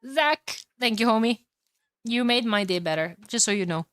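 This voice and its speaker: A young woman with a Romanian accent casting a live strategy game match and chatting with her viewers, excitable and casual, with sudden loud exclamations and the odd curse. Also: a little high, moderate pace, no echo. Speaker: streamer casting games. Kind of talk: live game commentary and chat reading.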